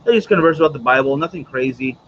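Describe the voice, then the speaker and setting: A man's voice: medium pitch, animated, quick pace, lo-fi sound, slight background noise. A man hosting a casual cigar livestream, chatty and rambling, with many fillers and asides to his viewers. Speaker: host of a cigar morning show.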